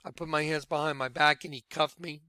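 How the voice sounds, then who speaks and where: A man preaching and telling his conversion story in an earnest sermon style, dropping to a hushed voice when he quotes. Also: fairly high pitch, fairly even intonation, fairly quick, smooth, no room sound. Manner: earnest, drops to quiet hushed tones when quoting.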